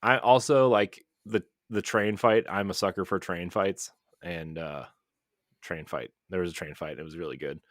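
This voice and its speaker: A man's voice: low voice, normal speed, no room sound, studio quality. A man co-hosting a casual podcast chat, talking enthusiastically and rambling with many fillers and restarts. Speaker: podcast co-host.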